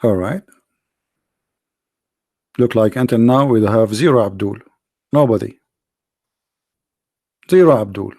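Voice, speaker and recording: Hoarse gravelly guy running a live debate stream, mocking and taunting, dry close sound. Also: lowish voice, slow pace, pauses often, warm tone, no echo. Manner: mocking, taunting, full of rhetorical questions. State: hoarse, losing his voice. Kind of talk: combative religious polemic commentary.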